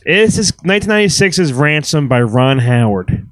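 A man's voice: on the high side, moderate pace, no echo, low-quality recording. A man in his forties, co-hosting a podcast, chatting animatedly about films. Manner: chatty, animated, swears casually. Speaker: podcast co-host. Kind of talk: casual chat about films.

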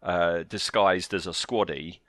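A man's voice: sits low, steady tone, unhurried, a bit bright, dry recording, studio quality. A man co-hosting a fan podcast, chatting with enthusiasm and restarting his sentences often. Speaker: podcast co-host. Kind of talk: casual fan discussion.

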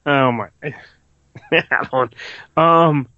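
A man's voice: a little high, extremely slow, no room sound. A man co-hosting a casual podcast chat about a film, agreeable and joking, with frequent sighs and laughs. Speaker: podcast co-host. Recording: dull dry lo-fi sound.

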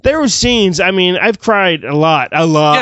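A man co-hosting a casual movie review podcast, excitable and gushing, swearing freely. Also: sits high, unhurried, dry recording, highs cut off. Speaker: podcast co-host.

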